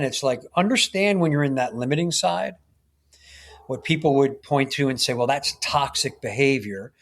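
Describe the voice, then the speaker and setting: An earnest man speaks as a guest on a podcast, explaining his coaching ideas with emphasis. His voice sits at an ordinary male pitch. He keeps checking in with his listener as he talks. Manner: earnest, emphatic, often tags points with "right?". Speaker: guest, men's coach and author. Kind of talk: podcast interview conversation.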